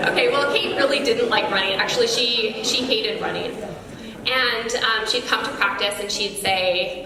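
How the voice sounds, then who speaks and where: A woman's voice: mid-range voice, moderate pace, sharp tone, a little hiss or hum. A woman guest speaker gives an earnest, encouraging motivational speech to an audience at a girls' sports awards, talking to them directly. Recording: echoey hall from far off.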